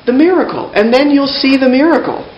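A woman's voice: sits high, brisk, a little mellow, echoey room, dull audio, slight background noise, voice pushed up, lightly acted. A woman preacher voicing an exasperated Jesus who pleads with the crowd in a raised, insistent voice.

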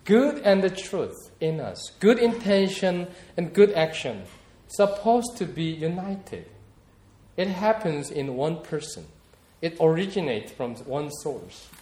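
A man's voice: a little high, lively intonation, slow pace, warm tone, reverberant. A man preaching a sermon, talking in a reflective, personal way and often repeating words as he searches for them. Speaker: pastor.

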